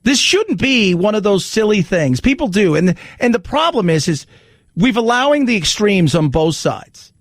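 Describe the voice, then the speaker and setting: A man's voice: sits high, no echo. A man hosting a talk radio show in his studio, chatting casually and acting out voices when he tells a story. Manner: animated storyteller who acts out voices in jokes.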